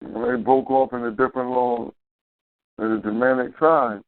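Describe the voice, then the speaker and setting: A man's voice: mid-range voice, normal speed, creaky, no room sound. A man hosting a casual talk radio show, loose and slangy, repeating his phrases. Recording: tinny phone line.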